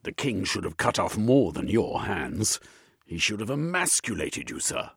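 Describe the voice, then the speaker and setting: A man's voice: lowish voice, big pitch swings, unhurried, a bit bright, breathy edge, no room sound, clean studio sound, voice pushed up, full character voice. A man reading an audiobook, voicing a proud male official who speaks in a stiff, indignant way.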